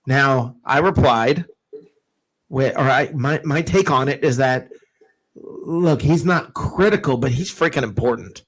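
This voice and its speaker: A man hosting a casual sports talk show, animated and quick to restart his sentences. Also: medium pitch, low-quality recording. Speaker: podcast host.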